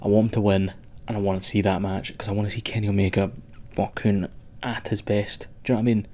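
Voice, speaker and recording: A Scottish man chats casually on a podcast, rambling and swearing often. His voice sits low, with a warm and mellow tone. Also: flat delivery, fast, slight background noise. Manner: sweary, rambling, laughs a lot. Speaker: podcast co-host.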